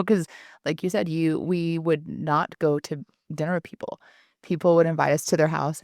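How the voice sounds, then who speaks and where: A woman's voice: sits low, no room sound, studio quality. A woman in her thirties co-hosting a podcast, talking candidly and laughing often as she speaks. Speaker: podcast co-host. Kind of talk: casual podcast chat.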